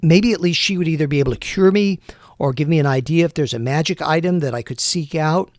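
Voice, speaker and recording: A man voicing an adult male cursed man who speaks in a halting, worried way. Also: fairly high pitch, dry recording, studio quality, natural voice.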